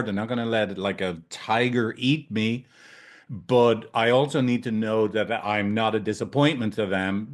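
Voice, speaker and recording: Man, thirties, therapist trainer, casual, profane, animated, keeps saying right. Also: on the low side. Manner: animated, swears freely, keeps tagging "right?".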